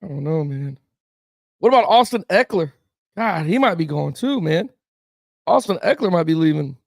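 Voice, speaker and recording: A man's voice: on the high side, lively intonation, normal speed, gravelly, dry recording, studio quality. A man hosting a casual sports talk show, rambling and reacting to viewer comments with chuckles, peppering his talk with "man" and "bro".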